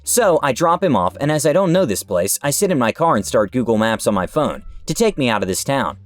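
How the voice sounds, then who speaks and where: Animated man reading internet stories. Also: medium pitch, a little fast. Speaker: story narrator. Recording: dry with faint music behind.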